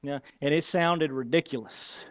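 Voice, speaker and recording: Animated high-voiced male preacher. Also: moderate pace, dry recording. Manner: animated storytelling, conversational. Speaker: pastor. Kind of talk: sermon.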